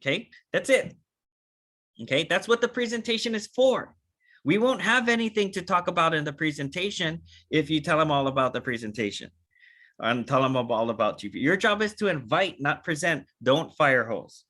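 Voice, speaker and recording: Animated, bright-voiced man training a sales team. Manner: animated, acts out quick dialogues, jumps in pitch. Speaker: network marketing trainer. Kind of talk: energetic training talk on a video call. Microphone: video call.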